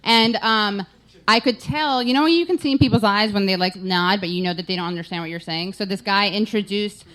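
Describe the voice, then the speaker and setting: A woman's voice: medium pitch, fairly quick, a bit bright. A woman hosting a live podcast, rambling through jokey anecdotes.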